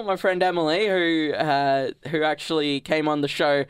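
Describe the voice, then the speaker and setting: A man's voice: on the high side, clear, resonant tone, no echo, clean studio sound. A young man, co-hosting a radio show in casual, goofy, rambling banter. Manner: goofy, rambling, quick bursts of speech. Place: small radio studio.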